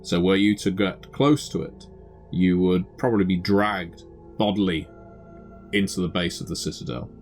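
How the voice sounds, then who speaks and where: A man narrating a tabletop game as game master, describing scenes in a measured way with the odd filler. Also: sits low, darkish tone, soft background music.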